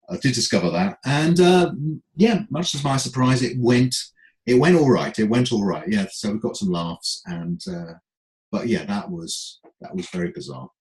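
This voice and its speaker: Middle-aged man, lively self-deprecating raconteur, mid-pitched, roomy echo. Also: moderate pace. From England. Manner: animated, acts out voices, self-deprecating. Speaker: guest, comedy writer and speaker. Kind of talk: anecdotal storytelling.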